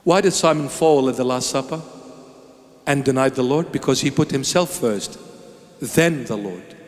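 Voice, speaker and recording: A man's voice: medium pitch, normal speed. A man delivering an emphatic, theatrical sermon as a preacher. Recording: long echoing reverb.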